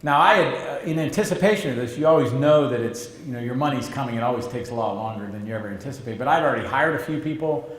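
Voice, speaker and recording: A man's voice: mid-range voice, fast, hardly any pauses. Middle-aged man, interview guest, chatty storyteller with restarts; echoey room. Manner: rambling with restarts, acts out quoted voices. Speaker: interviewee, entrepreneur. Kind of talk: conversational storytelling. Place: stage or meeting room, event interview.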